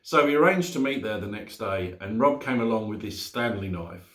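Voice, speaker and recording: A man's voice: on the low side, lively intonation, normal speed, fairly bright tone, reverberant. A man, telling a story casually as a motorcycle vlogger in his home garage, chatty and laughing often.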